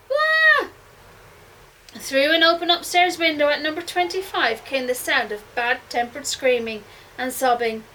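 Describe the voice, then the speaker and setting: Woman, teacher reading a children's book, expressive, high voice, mic set back. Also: far from the mic, rough recording. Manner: expressive, hushed at suspense. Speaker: primary school teacher. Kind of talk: reading a picture book aloud.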